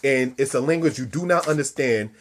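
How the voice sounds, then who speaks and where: A man's voice: medium pitch, fairly quick. A man giving a scripture lesson, preaching style, repeating and stressing key words and calling his listeners brothers and sisters. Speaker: religious teacher.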